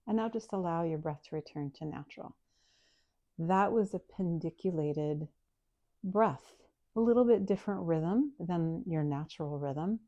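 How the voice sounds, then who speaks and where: A woman yoga teacher guiding a breathing practice in a calm, soft-spoken, explanatory way. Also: lowish voice, a little slow, dry recording, lo-fi sound. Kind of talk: guided breathing and yoga instruction.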